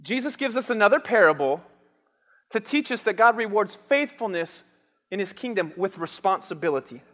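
A man preaching a sermon, lively and animated, dramatizing a Bible story with booming lines for the king. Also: normal speed, in a large hall. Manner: animated, acts out the king's lines with shouts. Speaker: pastor.

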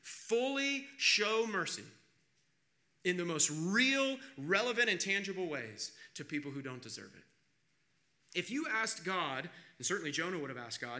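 Male pastor, brilliant ringing tone, emphatic preaching, loud then hushed. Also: on the high side, lively intonation, normal speed. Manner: emphatic, swings between loud urgency and hushed appeals. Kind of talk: sermon.

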